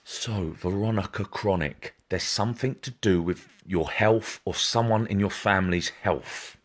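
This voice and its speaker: On a live stream, a man with a very low voice gives psychic readings at a slightly slow pace. He repeats himself, reassures often and addresses viewers by name.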